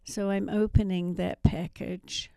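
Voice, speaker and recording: A woman's voice: on the low side, steady tone, measured pace, gravelly, mellow, clean tone, no room sound. A woman in her seventies from New Zealand, with a faint New Zealand accent, telling her life story as an interview guest with self-mocking asides. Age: 70s. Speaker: guest missionary. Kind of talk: testimony interview.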